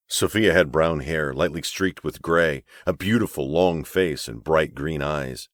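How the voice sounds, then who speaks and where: Deep-voiced male audiobook narrator. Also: unhurried, hardly any pauses, dry recording, studio quality. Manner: expressive storytelling. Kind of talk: scripted narration.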